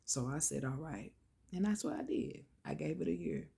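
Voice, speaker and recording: A middle-aged woman, casually telling a personal story to her viewers, chatty and animated, calling them y'all and child. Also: low voice, normal speed, creaky, slightly rough. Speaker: vlogger.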